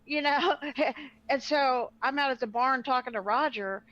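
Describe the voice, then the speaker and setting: A woman's voice: sits high, moderate pace, lo-fi sound. A woman telling a story in casual chat, acting out what people said with lots of fillers. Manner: animated, acts out quotes, many fillers. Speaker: co-host.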